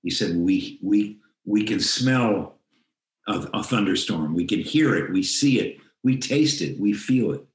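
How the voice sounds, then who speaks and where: Older male guest, lowish voice, reflective storyteller, roomy video-call sound. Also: lively intonation, measured pace. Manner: reflective, acts out quoted dialogue. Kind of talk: telling a personal story in an interview.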